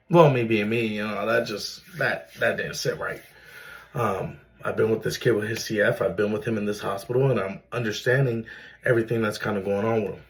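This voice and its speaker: A man's voice: on the low side, fairly quick, poor audio. A man, earnestly telling his own emotional story as a father, with many fillers. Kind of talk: personal storytelling to camera.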